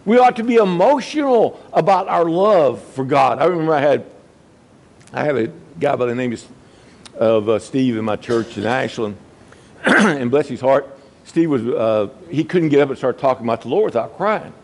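A middle-aged man, a Baptist pastor, preaching a sermon and swinging between quiet low passages and high, emphatic peaks. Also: expressive, normal speed, poor audio.

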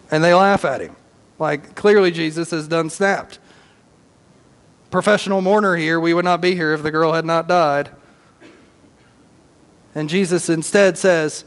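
A male pastor preaching a sermon as animated storytelling with casual slang. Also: a little high, measured pace, long pauses, long reverb tail.

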